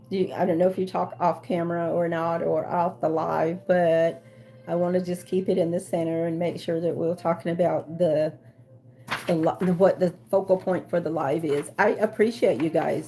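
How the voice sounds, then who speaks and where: A woman's voice: fairly low pitch, gravelly, dark tone. A woman hosting a casual livestream, reading viewer comments aloud and chatting back with lots of fillers and restarts. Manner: rambling with frequent fillers and restarts. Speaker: livestream host.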